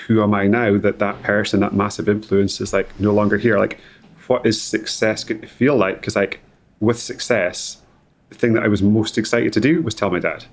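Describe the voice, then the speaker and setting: A man, talking haltingly about grief as an interview guest, often repeating words. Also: lowish voice, gravelly. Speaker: guest, company founder. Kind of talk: emotional interview conversation.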